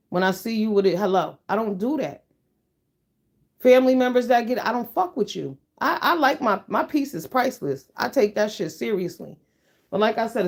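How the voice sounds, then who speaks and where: A middle-aged woman chatting to her viewers, telling a story in a blunt, profane, emphatic rant. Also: mid-range voice. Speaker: YouTuber. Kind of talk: casual chat to viewers.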